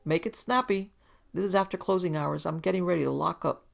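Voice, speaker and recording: Wry hard-boiled assistant with a gravelly, dry delivery, as a woman reader puts him on. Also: on the low side, brisk, soft background music. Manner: dry, wisecracking. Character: wry, sardonic male detective's assistant. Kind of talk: storybook reading.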